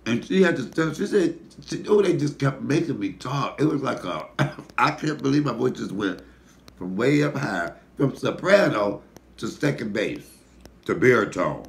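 A man with a deep voice, hosting a casual mukbang and telling animated, profane stories while he eats. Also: moderate pace, gravelly. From Detroit, USA. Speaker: comedian and mukbang host. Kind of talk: casual storytelling while eating.

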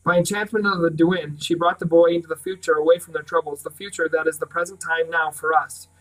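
A man reading aloud, voicing a thin, worn older father who speaks strong, clear and cold. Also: on the high side, little pitch movement, fast talker, fairly bright tone, recorded from a distance, close to an everyday voice, low-quality recording. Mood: grave.

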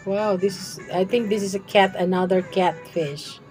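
A woman's voice: medium pitch, steady tone, moderate pace, a little mellow, soft background music. A young woman with a Visayan Filipino accent chatting casually and giggling with viewers as she streams a game. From Visayas, Philippines. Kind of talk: casual live-stream chat while playing.

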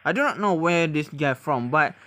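A man hosting a reaction video, talking casually in halting English, often laughing and exclaiming. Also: on the high side, lively intonation, heavy background noise.

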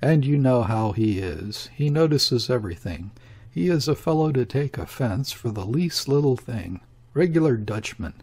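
A man voicing a fussy, anxious older father who talks in urgent rushes. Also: medium pitch, lively intonation, darkish tone, breathy edge. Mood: fretful.

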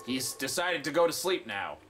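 A man casually commenting while playing a game, excitable and foul-mouthed, chatting to viewers. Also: mid-range voice, moderate pace, a little hiss or hum. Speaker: gameplay streamer. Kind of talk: let's play commentary.

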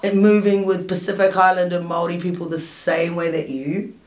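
Relaxed, curious podcast host. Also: medium pitch, a little fast, roomy sound. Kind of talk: casual interview chat.

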